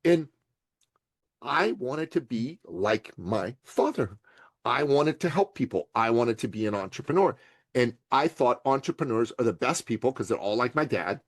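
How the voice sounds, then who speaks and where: Animated storytelling man from Iran. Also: mid-range voice, moderate pace, dry recording. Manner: lively storyteller, acts out voices of others, laughs often. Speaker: podcast guest, entrepreneur.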